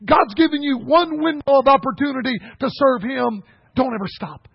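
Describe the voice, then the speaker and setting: A man preaching a folksy sermon that rises to shouted emphasis. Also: very high voice, normal speed, creaky, breathy edge, no room sound, highs cut off.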